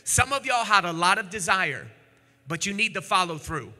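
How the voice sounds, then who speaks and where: High, bright-voiced preacher in a reverberant hall. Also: male voice, expressive, moderate pace. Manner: dramatic scripture reading, acting out voices, builds to shouting. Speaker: pastor. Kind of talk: sermon. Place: church sanctuary. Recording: long church hall reverb.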